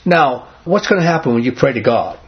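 Male Bible study leader, husky and earnest, quizzes the group; muffled lo-fi recording. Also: medium pitch, animated, brisk. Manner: earnest, asks the group questions. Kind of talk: conversational Bible teaching. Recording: dull lo-fi recording.

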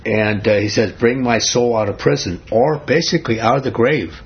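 A man teaching a Bible study, his voice husky and slightly breathy. He reads scripture passages aloud and keeps asking his listeners questions. The recording is dull and lo-fi. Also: mid-range voice, normal speed.

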